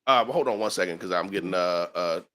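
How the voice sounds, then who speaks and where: A man's voice: low-pitched, quick pace, bright, forceful tone. A man hosting a casual chat, laid-back, chiming in with short agreements and his own stories. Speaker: host.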